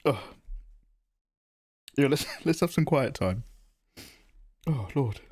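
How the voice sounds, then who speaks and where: Chatty male art streamer, relaxed home-stream talk, animated pitch. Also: takes it slowly, slightly rough. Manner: chatty, chats with viewers in the chat. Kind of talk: casual chat while drawing on a livestream.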